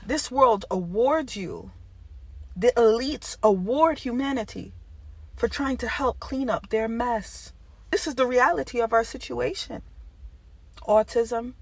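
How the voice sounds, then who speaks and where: A woman vlogger talking straight to the camera in an impassioned monologue, jumping from yelling to hushed tones. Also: on the high side, no echo.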